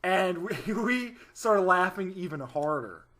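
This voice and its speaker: A man's voice: sits high, big pitch swings, slow pace, sharp tone. A young man co-hosting a podcast, telling rambling stories in casual chat. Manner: rambling storyteller, lots of fillers. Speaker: podcast co-host.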